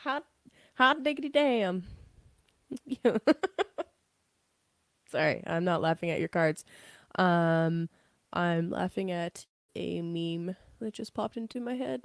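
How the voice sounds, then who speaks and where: A woman's voice: fairly low pitch, animated, unhurried, vocal fry, dry recording, clean studio sound. A young woman giving a casual live tarot reading, chatty, laughing often and swearing freely. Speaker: tarot reader.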